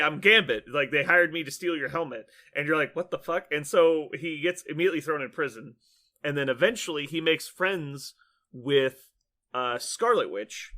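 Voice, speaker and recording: A man on a podcast, casually retelling a cartoon plot with lots of fillers, acting out the characters' lines and laughing as he goes. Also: mid-range voice. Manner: animated storyteller, acts out lines, laughs often, many fillers. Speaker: podcast host.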